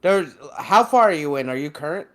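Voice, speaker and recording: A man's voice: on the high side, lively intonation, fairly quick, a bit bright. A man co-hosting a podcast in casual chat, rambling, laughing often and swearing casually. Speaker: podcast co-host.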